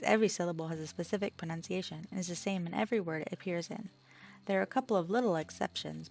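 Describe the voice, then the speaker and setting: A woman's voice: on the low side, gravelly. Australian woman reading a lesson aloud. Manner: reads lesson text aloud, laughs and chats with partner. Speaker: streamer. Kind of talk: casual game commentary, reading aloud.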